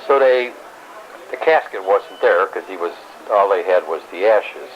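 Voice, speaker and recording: Older grandfather, deep voice, blunt rambling storyteller, dull lo-fi home tape with faint hiss. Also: animated, a little slow. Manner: rambling, blunt, salty language. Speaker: grandfather telling his life story. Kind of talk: casual family storytelling.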